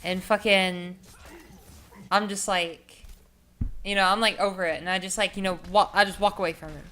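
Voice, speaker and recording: A woman's voice: medium pitch, steady tone, moderate pace, a bit bright, slight background noise. Young woman rambling through a story. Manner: rambling, profane, heavy filler words. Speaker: vlogger. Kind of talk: casual storytelling.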